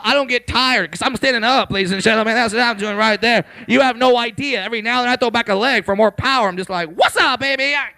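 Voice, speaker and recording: A man's voice: high voice, vocal fry, bright, forceful tone, no room sound. A man doing a stand-up set, brash and crude, working the crowd and teasing audience members from the stage. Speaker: stand-up comedian. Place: on stage at a comedy club.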